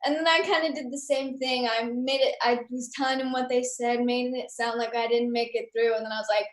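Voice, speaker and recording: Young woman, interview guest, high voice, chatty storyteller, echoey room. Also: fairly quick. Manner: chatty, animated, with many fillers.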